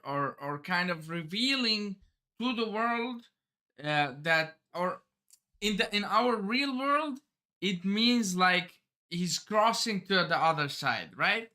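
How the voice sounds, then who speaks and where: A man's voice: sits high, expressive, takes it slowly, pushed and bright. A man hosting a live manga reaction, rambling and often stumbling and restarting his sentences. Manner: rambling, self-interrupting, stumbles over words.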